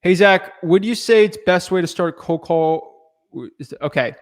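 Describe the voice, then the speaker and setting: Man for a casual stream q&a, fairly high voice, easygoing and chatty. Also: moderate pace. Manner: relaxed, chatty, loose filler words and restarts. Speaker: real estate wholesaler answering viewer questions. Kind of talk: casual livestream chat.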